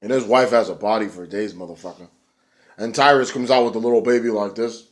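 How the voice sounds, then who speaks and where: A man casually reviewing a wrestling show on camera, swearing freely and breaking into loud mocking voices when he quotes wrestlers. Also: on the low side, a little fast. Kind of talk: casual video review, profane. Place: indoors, rain heard outside.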